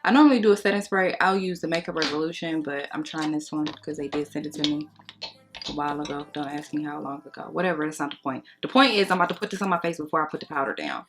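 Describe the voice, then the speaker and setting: A woman's voice: deep voice, fast, noisy background. A young woman, chatting and gossiping casually while doing her makeup for a beauty vlog. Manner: chatty, gossipy, slangy and expressive. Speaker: beauty vlogger. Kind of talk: casual storytime during a makeup tutorial.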